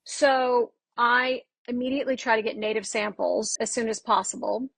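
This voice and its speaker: A woman who works as a dialect coach, speaking as a guest on a podcast. She tells lively stories and acts out the exchanges she quotes. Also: fairly high pitch, moderate pace, creaky, husky, no echo. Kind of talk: casual interview chat.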